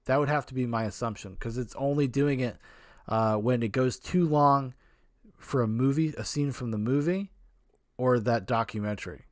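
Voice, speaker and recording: A man's voice: mid-range voice, moderate pace, no room sound, clean studio sound. A man hosting a casual live stream, reacting to a video in a rambling, self-interrupting way and swearing offhandedly. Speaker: podcast host streaming a watch-along.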